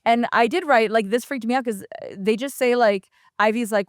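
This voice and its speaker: A woman's voice: a little high, a little fast, no echo, studio quality. A woman co-hosting a podcast in casual chat, thinking aloud with lots of "like"s. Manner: chatty, thinks aloud with many "like"s. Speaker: podcast co-host.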